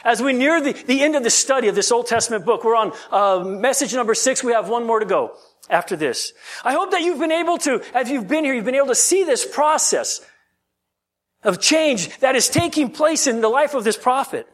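A male pastor with a very high voice that rises and falls a great deal as he preaches. He reads scripture in a measured way, then shifts into loose, conversational teaching with frequent restarts. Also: lively intonation. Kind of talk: sermon.

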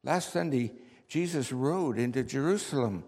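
With an animated, medium-pitched voice at moderate speed, a man performs as the apostle Peter, eager and impulsive. His heartfelt first-person account builds to shouts, echoing with long hall reverb.

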